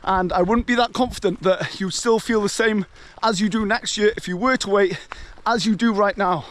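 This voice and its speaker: A man's voice: high-pitched, fairly even intonation, moderate pace, a bit bright, no echo. A young adult man vlogging outdoors while walking in the rain, giving an earnest, motivational rant and sounding out of breath. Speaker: travel vlogger. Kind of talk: walking vlog monologue. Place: outdoors on a hillside walk in the rain.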